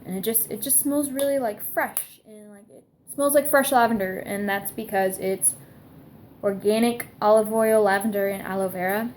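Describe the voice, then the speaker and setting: A woman's voice: medium pitch, fairly even intonation, normal speed, a little mellow, a little hiss or hum. A young woman rambling casually through a product review, filling her talk with "like" and trailing restarts. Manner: chatty, heavy use of "like", rambling. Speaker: vlogger.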